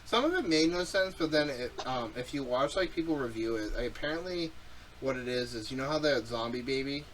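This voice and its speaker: A young man co-hosting a casual podcast, loud and profane, teasing his co-host and telling animated stories. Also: mid-range voice, a little fast, far from the mic, slight background noise, low-quality recording.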